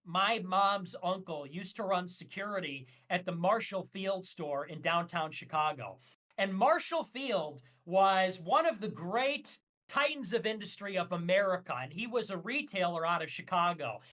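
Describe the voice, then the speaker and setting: Man, high-pitched voice, bright and sharp, emphatic, opinionated, livestream guest. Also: animated, moderate pace. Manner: emphatic, opinionated ranting with frequent fillers. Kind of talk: casual livestream conversation.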